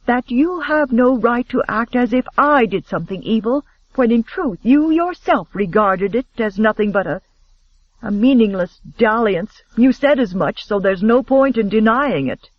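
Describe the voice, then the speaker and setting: A man's voice: very high-pitched, lively intonation, moderate pace, no echo, highs cut off, voice pushed up. A man voicing a proud, prickly young female aristocrat in an audiobook, speaking in a cool, indignant, clipped way. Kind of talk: audiobook character voice.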